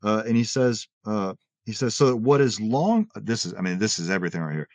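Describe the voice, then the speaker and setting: A man discussing philosophy in casual conversation, animated and often restarting his words as he paraphrases an author. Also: fairly low pitch, a little fast, dry recording. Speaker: podcast co-host.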